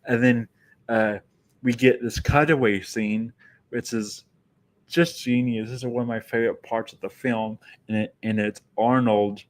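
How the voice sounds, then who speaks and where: A man's voice: mid-range voice, fairly even intonation, moderate pace. A man giving a casual film review monologue, rambling and often restarting his sentences.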